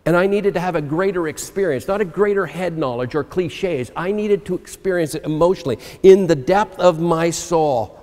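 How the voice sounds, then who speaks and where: In a church sanctuary with long hall reverb, a pastor preaches an earnest, personal sermon, reading scripture and sharing his own story. His voice is fairly high and darkish in tone, at a normal speed with hardly any pauses.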